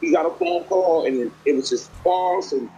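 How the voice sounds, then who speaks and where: A man's voice: on the high side, normal speed, mellow, slight background noise, low-quality recording. A man on a group call explaining himself at length, rambling with restarts and filler words, audibly emotional. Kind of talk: heated personal explanation.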